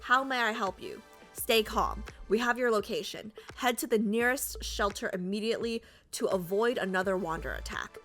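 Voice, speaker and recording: A woman voicing a calm, steady veteran male dispatcher in a game story read aloud. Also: medium pitch, moderate pace, faint music behind. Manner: steady, level.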